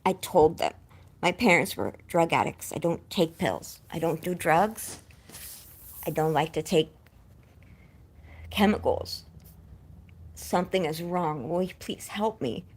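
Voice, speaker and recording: A woman's voice: lowish voice, animated, slow, pauses often, slightly rough. A young woman vlogger telling a distressing personal story to her viewers in a rambling, upset way, close to tears. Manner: distressed, rambling, breaks off to scold her dog.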